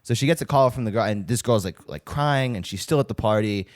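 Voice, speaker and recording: A man's voice: on the low side, a little fast. A young adult man co-hosting a podcast, telling a story in a loose, rambling way full of swearing. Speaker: podcast host. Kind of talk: casual chat.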